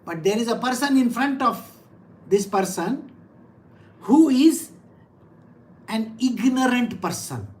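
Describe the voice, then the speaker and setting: A woman spiritual teacher gives a scripture discourse in a slightly high, a little mellow voice with big pitch swings. She speaks directly, often questions her audience, and reads the verse slowly and emphatically. The recording is rough.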